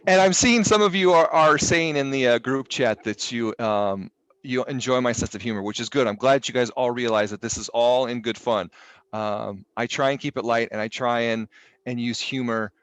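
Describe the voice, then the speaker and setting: A man's voice: medium pitch, moderate pace, a bit bright, clean tone, no echo. A middle-aged man teaching a statistics class online, casual and jokey with exasperated asides and mild swearing. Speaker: statistics instructor. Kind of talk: live online class lecture.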